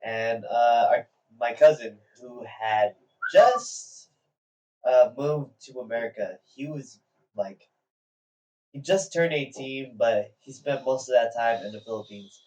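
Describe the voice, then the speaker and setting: A man's voice: mid-range voice, slow pace, a little mellow, a little hiss or hum. A man on a casual podcast telling a story in a laid-back, hesitant way with many ums. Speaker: podcast co-host. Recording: distant mic, dull lo-fi sound.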